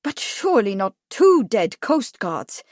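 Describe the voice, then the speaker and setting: A woman's voice: on the high side, sing-song, unhurried, a little mellow, no echo, studio quality. A woman doing an imperious royal prince. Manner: commanding, imperious.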